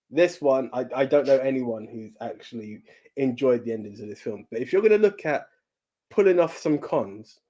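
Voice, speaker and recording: A man whose first language is Russian, co-hosting a podcast and chatting loosely about movies with many restarts. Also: medium pitch. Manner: lively, rambling, restarts often, laughs a lot. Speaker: podcast co-host. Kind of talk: casual movie chat.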